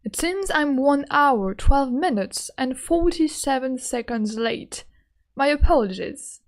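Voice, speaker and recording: A woman voicing a stately British male chief justice with a slow, measured, put-on British accent, as she plays a game on stream. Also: sits high, expressive. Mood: apologetic.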